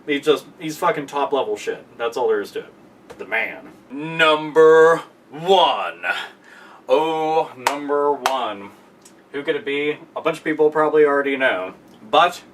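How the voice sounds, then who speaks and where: A man ranting casually and profanely, excitable, often breaking into loud shouted impressions. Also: fairly high pitch, recorded from a distance, a little hiss or hum. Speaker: podcast guest.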